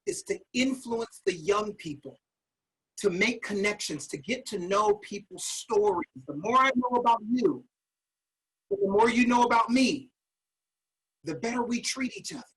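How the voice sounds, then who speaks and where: A man's voice: high-pitched, a bit bright, rough recording. Emphatic man giving a motivational talk. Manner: emphatic, repeating key phrases like a preacher. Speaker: motivational speaker. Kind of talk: motivational master class talk. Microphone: video call.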